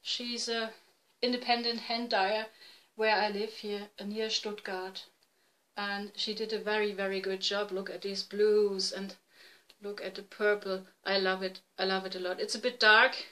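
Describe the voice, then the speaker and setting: A woman in her forties from East Germany with a German accent, hosting a casual podcast in halting, self-correcting English. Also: medium pitch, level tone, pushed and bright, low-quality recording. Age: 40s. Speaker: podcast host. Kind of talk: casual video podcast chat. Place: home room, dim light.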